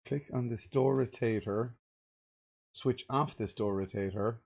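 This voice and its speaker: A man's voice: mid-range voice, a little slow, gravelly, darkish tone, husky. A man streaming game development, swearing and muttering in frustration as he follows a tutorial. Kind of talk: casual game dev livestream.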